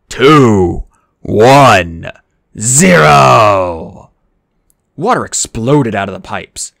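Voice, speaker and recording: Lively male audiobook narrator. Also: medium pitch, no echo, studio quality. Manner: expressive, dramatic reading with raised character lines. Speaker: audiobook reader. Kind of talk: storybook reading, first-person narration.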